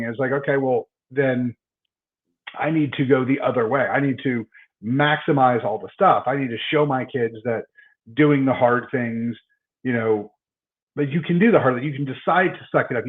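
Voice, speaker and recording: A middle-aged man, a guest chiropractor, telling stories in a casual podcast conversation and often restarting his words. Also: mid-range voice. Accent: Texan. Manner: storytelling, many repeated word starts. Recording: tinny phone-like line.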